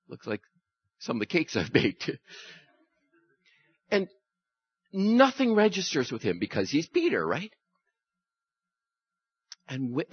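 Animated man preaching a sermon. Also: slightly rough, highs cut off. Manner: animated storytelling, acting out voices with big pitch jumps. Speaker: pastor. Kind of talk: Easter sermon.

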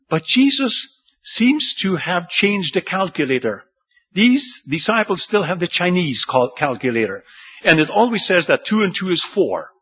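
Animated preacher man, lively pitch. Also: slightly rough. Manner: animated, acts out the disciples' lines with rising pitch. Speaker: pastor. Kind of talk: sermon. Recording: dull lo-fi sound.

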